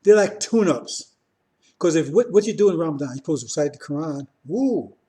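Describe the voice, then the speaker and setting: A man teaching religion in a loose, informal sermon, circling back over the same points and checking in with "see?" again and again. His voice sits a little high for a man yet sounds dark and mellow. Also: lively intonation, fairly quick. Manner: repetitive, keeps asking "see?", restarts often.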